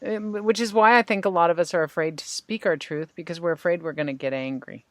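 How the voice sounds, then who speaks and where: A woman hosting a podcast as a tapping practitioner, calmly guiding her guest through tapping points and phrases to repeat. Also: lowish voice, fast, no echo.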